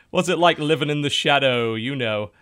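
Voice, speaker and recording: A man's voice: fairly high pitch, fairly bright tone, a little hiss or hum. Sardonic British man hosting a podcast. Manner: chatty and sardonic, swears freely. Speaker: podcast host. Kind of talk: casual podcast chat.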